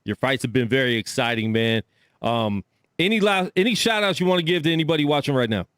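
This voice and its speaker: A man hosting a live sports talk show, upbeat and quick to laugh as he interviews a fighter. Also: medium pitch, lively intonation, a bit bright, clear, resonant tone, dry recording, studio quality.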